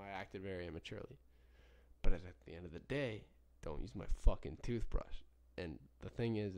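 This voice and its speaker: Young male podcast host, lowish voice, casual and rambling, swears constantly, keeps restarting sentences. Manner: rambling, profane, frequent self-corrections. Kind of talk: casual solo podcast storytelling.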